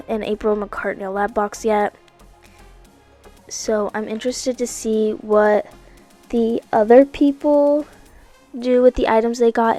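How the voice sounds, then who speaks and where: A woman's voice: on the high side, gravelly. A woman narrating a nail art video in a chatty, playful way, correcting herself and tossing in asides. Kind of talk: casual voice-over narration. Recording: soft music underneath.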